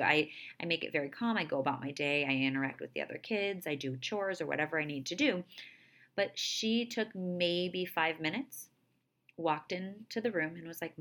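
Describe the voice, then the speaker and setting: A woman in her thirties hosts a personal podcast in a low, grounded voice. She talks earnestly and confidingly, as if to a close friend. On the points that matter most she slows down and softens. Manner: earnest, confiding, with soft slowed emphasis. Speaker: podcast host. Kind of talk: personal reflective monologue.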